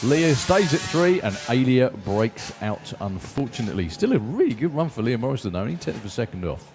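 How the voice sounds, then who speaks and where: A man's voice: mid-range voice, lively intonation, quick pace, mellow, soft background music. A man commentating live at a drag race from the track's tower, chatty and joking with his co-hosts.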